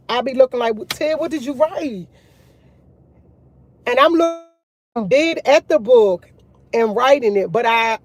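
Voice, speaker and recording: A woman vlogger talking casually to her viewers about faith, rambling with many restarts and addressing them as y'all. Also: on the high side. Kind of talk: casual faith chat to camera.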